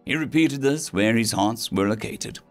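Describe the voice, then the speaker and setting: A man's voice: mid-range voice, moderate pace, faint music behind, close to an everyday voice. A man voicing a weary, wounded male space marine corporal who speaks in short, clipped commands. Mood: grim.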